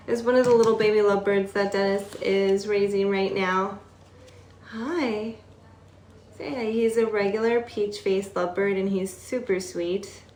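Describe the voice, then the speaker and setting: A woman hosts a parrot shop's casual live stream on her phone, chatting easily and laughing now and then as she talks to a pet bird. Her voice is medium-pitched, the sound is reverberant, and there's a little hiss or hum.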